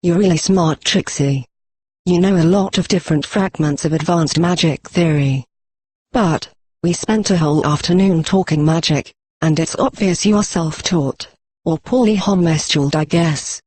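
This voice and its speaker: Brief: condescending know-it-all pony mare, slow and patient, read by a husky synthetic male voice. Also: sits low, darkish tone, no room sound. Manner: speaks slowly, as to a child. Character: earnest female unicorn pony, patronizing scholar. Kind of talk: synthetic fanfic reading.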